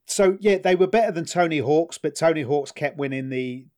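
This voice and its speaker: A young man co-hosting a podcast, relaxed and chatty, retelling stories and quotes in funny voices. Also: fairly high pitch, moderate pace. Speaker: podcast co-host. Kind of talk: casual chat.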